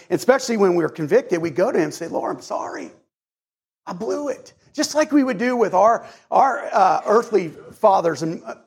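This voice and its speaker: A pastor preaching a sermon in an earnest way, often repeating words and acting out short prayers. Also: male voice, high voice, breathy edge.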